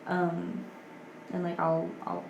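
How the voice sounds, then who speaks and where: Young woman guest, twenties, gravelly low-key chat, echoey room. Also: normal speed, lo-fi sound, background noise. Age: 20s. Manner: soft-spoken, heavy use of "like". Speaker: podcast guest. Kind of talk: casual chat.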